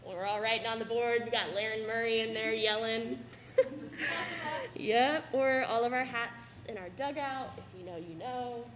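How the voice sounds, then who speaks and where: Young woman athlete, tearful, rambling speech, higher pitch. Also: moderate pace, few pauses, fairly bright tone, a little hiss or hum. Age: young adult. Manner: laughs through tears, rambling. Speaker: student athlete giving a signing speech. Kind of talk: emotional thank-you speech. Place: school cafeteria.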